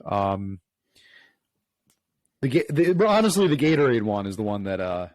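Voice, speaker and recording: Male podcast co-host, mid-pitched, playful and halting, dry close sound. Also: very animated, darkish tone, no echo, poor audio. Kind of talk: casual chat.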